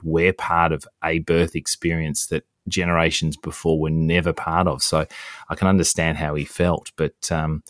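A man hosting a podcast interview, who talks in a reflective, measured way. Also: very deep voice, a bit bright, dry recording, studio quality. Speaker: podcast host. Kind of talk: conversational interview.

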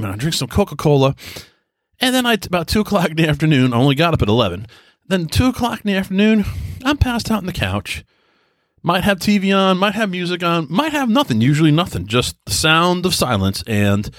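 A man's voice: fairly high pitch, no echo, studio quality. A man in his thirties hosting a solo casual podcast from home, rambling and self-deprecating with many restarts. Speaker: podcast host. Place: quiet home.

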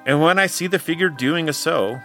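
A man's voice: fairly high pitch, brisk, a bit bright, faint music behind, voice pushed up. A man voicing a stubborn old village man who speaks in a rustic, insistent way. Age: older.

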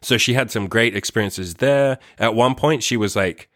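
A young man tells a long personal story into a microphone, rambling casually, swearing often, and saying "like" constantly. His mid-range voice is fairly bright, at normal speed, in a dry, studio-quality recording.

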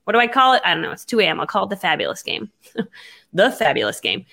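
A woman telling a business story in casual conversation, animated and quick to act out her own past lines. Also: mid-range voice, gravelly. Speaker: network marketing entrepreneur.

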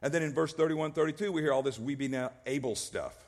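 A man's voice: a little high, quick pace. A male pastor preaching a sermon, emphatic and repetitive, often restarting his words. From American South.

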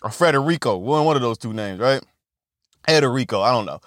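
A man retelling a film plot in casual, profane, animated talk, often stammering and repeating himself. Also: mid-range voice, a little fast, no room sound, clean studio sound. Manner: animated, repetitive, swears constantly, stammers on restarts. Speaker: movie recap vlogger.

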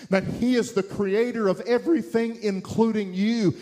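Middle-aged male evangelist, high voice, impassioned sermon delivery with emphatic climaxes. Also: steady tone, moderate pace, dark tone. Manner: impassioned, rising to emphatic peaks. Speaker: preacher.

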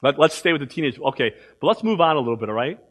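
A man preaching a sermon as pastor in a church, emphatic, swinging from loud exhortation to quiet asides. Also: fairly high pitch, very animated, rapid-fire.

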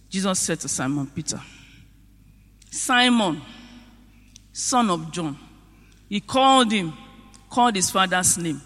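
A man preaches with a high, bright, forceful voice, telling a story and firing rhetorical questions. His emphasis swells in sudden bursts. The sound rings with the long reverb of a large church hall. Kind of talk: sermon.

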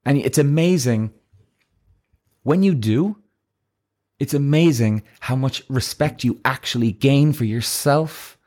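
A man's voice: medium pitch, takes it slowly, pauses often, darkish tone. Blunt, swearing man ranting to listeners. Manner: profane, ranting, keeps asking "right?"; acts out quoted voices. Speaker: podcast host. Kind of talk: blunt motivational monologue.

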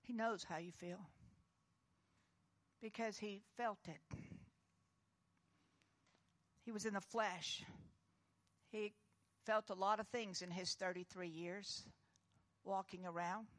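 A woman pastor giving an earnest, comforting sermon, dropping to a hush and then rising with emphasis. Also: medium pitch, steady tone, slow pace, pauses often. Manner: earnest, comforting, moves between hushed and emphatic.

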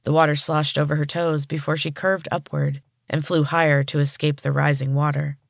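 A woman podcast host reading a story aloud in calm, even narration. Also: sits low, normal speed, creaky, dry recording, clean studio sound.

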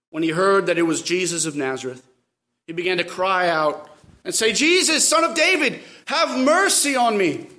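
A man preaching a sermon, swinging from loud cries to quiet asides. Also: high voice. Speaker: pastor.

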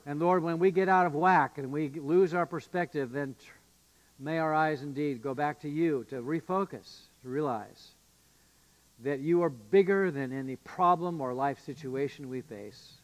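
A man's voice: a little high, moderate pace. Man preaching in an echoing hall. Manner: earnest, emphatic preaching with fillers and restarts. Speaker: pastor. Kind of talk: sermon. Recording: long reverb of a church hall.

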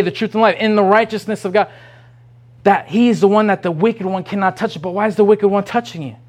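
High-voiced man preaching a rambling sermon. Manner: rambling, restarts often, rising to urgent questions. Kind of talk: informal sermon.

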